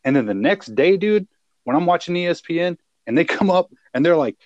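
Casting: young male podcast co-host, animated and excitable, slightly high voice, dry close mic. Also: brisk, no room sound, dull audio. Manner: excitable, laughing, swearing storyteller. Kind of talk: casual chat.

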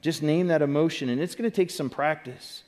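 Pastor, male, higher-pitched voice, relaxed conversational sermon delivery with questions to the congregation. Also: brisk. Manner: conversational, asks the audience questions, demonstrates with props. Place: church stage.

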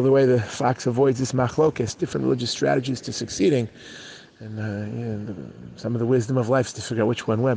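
A man's voice: mid-range voice, creaky, darkish tone, a little hiss or hum, rough recording. A man, a rabbi, teaching a daily Talmud class in a conversational, storytelling manner. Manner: conversational, storytelling, with fillers and restarts.

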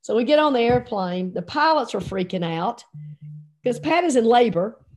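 A woman telling a lively personal anecdote, acting out the dialogue as she goes. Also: a little high, moderate pace. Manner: animated, lots of quoted dialogue. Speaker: storyteller recalling a coaching trip. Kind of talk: anecdotal storytelling.

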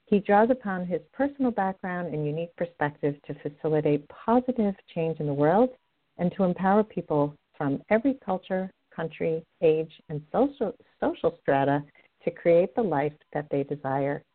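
A woman's voice: fairly low pitch, lively intonation, moderate pace. A middle-aged woman hosting a radio show as a love coach, chatting in an upbeat, direct way. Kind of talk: podcast host monologue. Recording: tinny phone-line audio.

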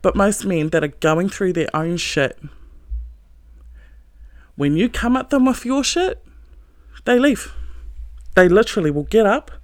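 A woman host giving a blunt, profane, forceful monologue about relationships. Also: mid-range voice, lively intonation, a little slow, pauses often, no room sound, studio quality.

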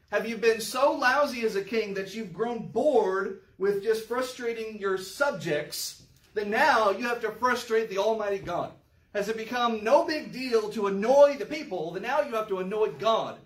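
High-voiced guy teaching bible verse by verse, punchy and sarcastic, echoey room. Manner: animated, emphatic, with sarcastic asides. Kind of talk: verse-by-verse Bible study lesson. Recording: roomy echo, mic far off.

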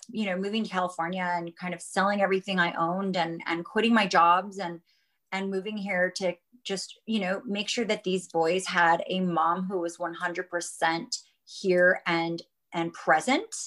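A woman's voice: mid-range voice, fairly bright tone. A woman speaking as a guest, earnest and frank, rambling a little as she talks. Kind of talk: casual chat.

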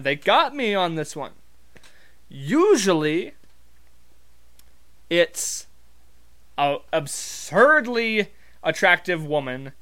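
A man from Montana rambles through a casual story, wry and profane, with plenty of fillers along the way. His voice sits a little high and comes through smooth and resonant. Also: bright, forceful tone.

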